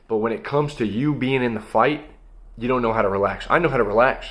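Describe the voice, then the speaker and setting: A man's voice: mid-range voice, quick pace. A young man giving a blunt, emphatic motivational monologue as host of his own video channel, coaching listeners directly.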